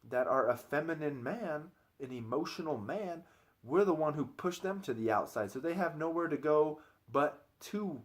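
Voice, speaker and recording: A man in his thirties giving an earnest, opinionated vlog monologue, often tagging his points with "right?". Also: mid-range voice. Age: 30s. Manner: chatty, keeps tagging lines with "right?"; earnest, opinionated, repeats himself while he thinks. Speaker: personal trainer vlogger.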